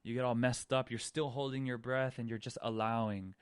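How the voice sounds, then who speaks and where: A man hosting a spiritual podcast, telling a story in a slow, dramatic way, with repeated phrases and swings between whispers and panicked outbursts. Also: medium pitch, level tone, no echo. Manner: repetitive, hypnotic phrasing. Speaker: podcast host.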